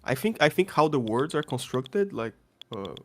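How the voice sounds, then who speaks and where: Animated man who keeps saying bro. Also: medium pitch, moderate pace, soft background music. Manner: animated, repeats words, says bro a lot. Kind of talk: casual chat.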